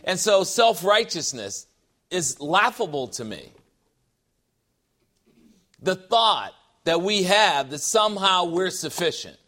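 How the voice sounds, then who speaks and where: Bright-voiced, high-pitched joking preacher. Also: male voice, slow, long pauses. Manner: animated, joking asides, rhetorical questions. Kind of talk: sermon with humor.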